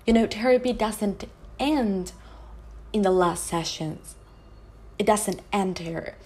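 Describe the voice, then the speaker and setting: Woman on her podcast, heartfelt and earnest, stops and restarts a lot, mid pitch. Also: slow pace, a little mellow. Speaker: podcast host. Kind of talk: personal monologue.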